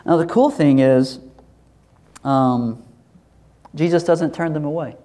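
A pastor preaching a sermon in a lively, animated way, acting out voices as he tells the story. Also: fairly high pitch, takes it slowly. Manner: animated, acts out quoted voices, laughs.

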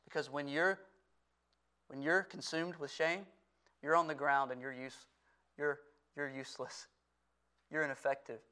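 A pastor in full sermon mode, a man with a smooth, resonant voice pitched a little high. He presses hard and loud on key points, then drops to a quiet, close appeal to his congregation. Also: fairly even intonation, a little slow, long pauses. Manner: earnest preaching that swings from forceful to hushed. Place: church.

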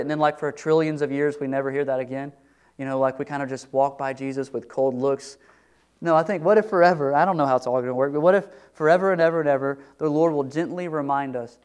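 A male pastor delivering a sermon in an earnest, conversational way. His voice sits a little above average in pitch, and he often restarts his phrases as he talks to the congregation. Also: steady tone, a little fast, darkish tone, clear, resonant tone.

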